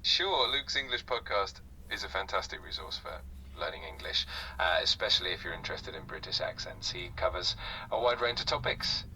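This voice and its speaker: A man's voice: sits low, lively intonation, brisk, sharp tone, far from the mic, slight background noise, rough recording. A synthetic male conversation partner tutoring a learner in a polite, encouraging way, scattered with "uh" fillers. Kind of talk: patient tutoring chat.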